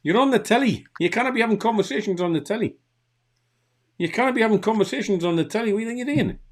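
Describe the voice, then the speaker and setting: Geordie man, co-host on a live stream, loud and jokey, scolds his mates in fun, a bit higher voice. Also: lively intonation, fast. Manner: joking, loud, mock-scolding. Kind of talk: casual banter on a live stream.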